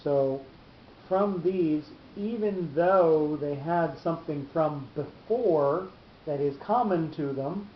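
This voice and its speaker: Hesitant man teaching a Bible class. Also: slow pace. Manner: hesitant, repeats words often. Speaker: Torah teacher. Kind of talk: Bible class on cantillation marks. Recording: roomy, dull lo-fi recording with faint rumble.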